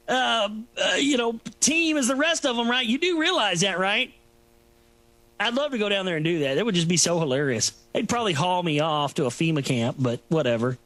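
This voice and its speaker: A man's voice: high-pitched, expressive, brisk, fairly bright tone. A man hosting a talk show, rambling through a sarcastic, mocking solo commentary. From Texas.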